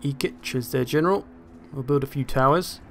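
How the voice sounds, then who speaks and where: Young guy chatting through a strategy game, wry and easygoing, mid pitch. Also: fairly quick, a little hiss or hum. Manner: chatty, wry, thinking aloud. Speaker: gaming channel host. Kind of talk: casual strategy game commentary.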